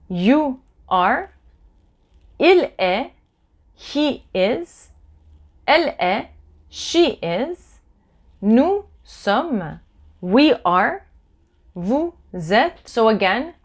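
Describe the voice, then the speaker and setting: A woman teaching a language lesson, speaking slowly and clearly, repeating phrases and spelling words out letter by letter. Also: mid-range voice. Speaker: French teacher. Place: Los Angeles.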